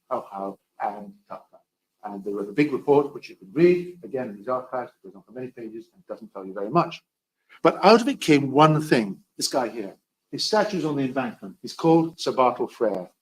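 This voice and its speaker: A man's voice: mid-range voice, a little hiss or hum, low-quality recording. Wry male history lecturer. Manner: wry, dry asides; swings between loud emphasis and quiet asides. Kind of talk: storytelling lecture.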